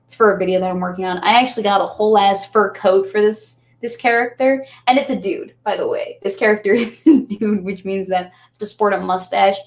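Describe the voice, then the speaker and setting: A woman hosting her own channel, chatting casually to viewers while a little tipsy, rambling and easily distracted. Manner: rambling, easily distracted, jumps around in pitch. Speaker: channel host.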